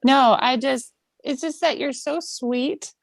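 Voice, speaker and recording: A woman co-hosts a casual podcast, telling stories with lively energy and slipping into the voices of the people she quotes. Her voice sits on the higher side and sounds close and dry, with no room around it. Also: slow pace, gravelly, no echo. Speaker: podcast co-host.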